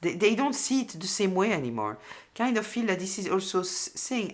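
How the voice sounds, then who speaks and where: A woman giving a collective tarot reading, speaking haltingly with many fillers and repeated words, openly emotional. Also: mid-range voice, sing-song. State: moved, emotional. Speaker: tarot reader.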